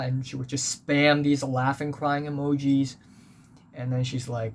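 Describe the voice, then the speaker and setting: A man's voice: mid-range voice, normal speed, low-quality recording. Rambling young man with a hum behind. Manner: rambling, full of ums and uhs, offhand and blunt. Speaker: vlogger recapping school life. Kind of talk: casual storytelling. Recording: home recording with steady background noise.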